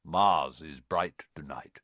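A man doing a slow, solemn centaur. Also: rumbling low, pushed and bright, no echo, pitched below the performer's own voice, heavily acted. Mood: aloof. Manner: slow, measured, cryptic. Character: solemn, aloof male centaur.

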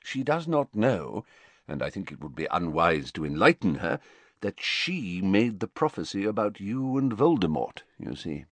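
Dumbledore: a man voicing a calm, weary old headmaster. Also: sits low, dry recording, exaggerated voice. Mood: patient, weary. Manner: measured, patient, slightly weary. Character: elderly wise male headmaster, calm, weary. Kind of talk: audiobook character voice.

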